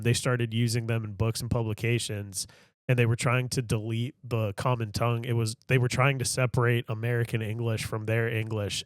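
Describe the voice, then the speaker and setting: A man's voice: mid-range voice, clean tone, no echo. A man co-hosting a comedy podcast, rambling through long casual stories. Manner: rambling, tells stories in long run-on sentences. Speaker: podcast co-host. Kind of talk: casual chat.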